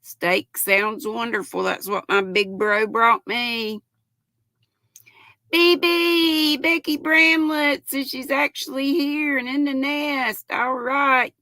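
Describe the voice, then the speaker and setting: An older woman, hosting a casual livestream, reading out viewers' comments and greeting them warmly as honey and sweetheart, her voice cracking now and then. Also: high voice, steady tone, slow pace, dry recording. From North Carolina. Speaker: livestream host.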